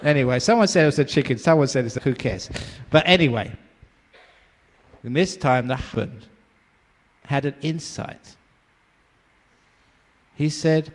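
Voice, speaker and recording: A man's voice: medium pitch, measured pace, pauses often. An older man from England giving a dharma talk, storytelling playfully and laughing often. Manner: playful, laughs often, acts out voices in stories. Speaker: meditation teacher. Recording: long reverb of a hall.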